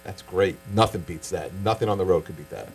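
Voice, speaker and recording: A stand-up comic from Staten Island, delivering a punchy set with quick asides, then chatting casually in an interview. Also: male voice, low voice, a little hiss or hum, poor audio. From Staten Island, New York.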